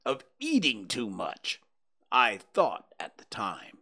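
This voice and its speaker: Man putting on a fussy bossy storybook rabbit, stern, high and loud, lively. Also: measured pace, exaggerated voice.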